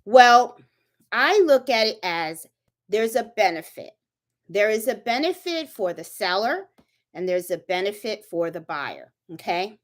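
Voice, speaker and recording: A woman's voice: mid-range voice, sing-song, measured pace. A woman hosting a casual craft livestream, chatty and full of fillers, checking in with viewers. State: a little out of breath. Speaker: channel host. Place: indoors at home, chilly room.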